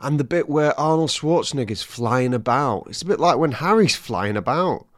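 A man's voice: mid-range voice, expressive, moderate pace, no echo. Male podcast co-host, playful teasing banter, dry close mic. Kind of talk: casual chat.

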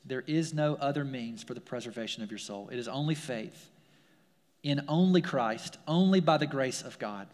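A man's voice: medium pitch, normal speed, a little mellow. Man preaching a casual sermon in a reverberant hall. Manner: casual, with many "like" fillers and repeated phrases. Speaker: pastor. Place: church sanctuary.

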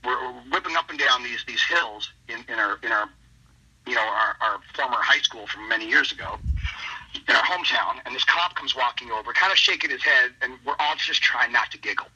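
A man's voice: mid-range voice, a little fast, sharp tone, breathy edge. A man, a wrestler, telling a rambling casual anecdote with lots of restarts, on a muffled lo-fi line. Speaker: wrestler guest. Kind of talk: casual storytelling.

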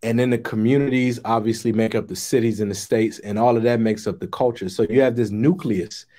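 A man's voice: mid-range voice, fairly even intonation, brisk, warm tone. A middle-aged man, hosting a casual discussion stream and talking to viewers in a loose, rambling way. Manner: conversational, rambling with restarts and asides to viewers. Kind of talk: casual spoken commentary.

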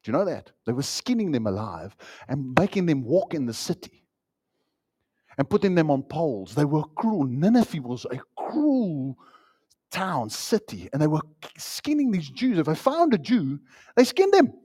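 Animated man preaching a sermon. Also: on the high side, normal speed, breathy edge. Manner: animated, swings from loud emphasis to hushed asides. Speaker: pastor.

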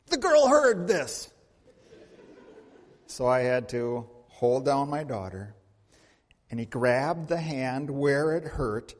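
A male pastor preaching a sermon, telling a story with big swings in pitch and loudness and asking the congregation questions. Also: sing-song, slow, pauses often. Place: church sanctuary. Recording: long church reverb.

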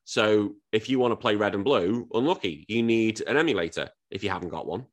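A man in his thirties, hosting a casual gaming chat, ranting and swearing freely. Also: on the low side. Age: 30s. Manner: ranting, swearing, quick restarts. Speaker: podcast host.

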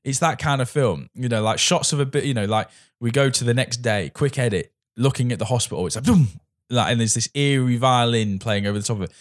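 A man's voice: mid-range voice, a little fast, hardly any pauses. A man chatting casually as a film reviewer, rambling with many restarts. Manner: rambling, restarts, acts out quoted dialogue.

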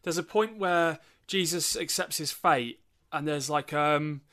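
A man's voice: on the high side, unhurried, pushed and bright. A man in casual film chat, making dry, wry remarks and steering the discussion. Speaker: podcast co-host.

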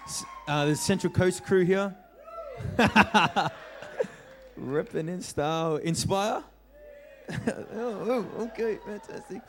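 A young man preaching as a pastor, telling a childhood story with lively acted-out voices and frequent laughter. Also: high-pitched, slow pace, long pauses. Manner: animated storyteller, acts out voices, laughs often. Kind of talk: storytelling sermon. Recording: reverberant hall.

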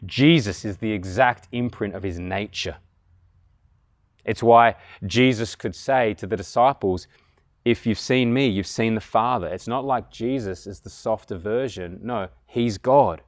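A man's voice: on the low side, unhurried, dry recording. Earnest male preacher, dry sound. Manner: earnest, rises to loud emphatic peaks. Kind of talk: sermon.

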